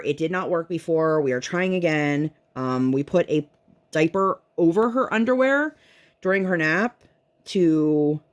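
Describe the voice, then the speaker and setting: A woman chatting casually at home while she crafts, venting and telling her story in an animated way. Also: sits low. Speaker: vlogger and mother.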